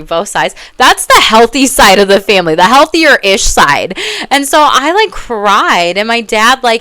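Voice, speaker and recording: Animated, blunt woman with a smooth voice. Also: medium pitch, dry recording. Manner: animated and blunt, swears freely, calls her viewers "y'all"; rambling, goes off on tangents. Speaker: psychic and life coach. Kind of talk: casual monologue to viewers.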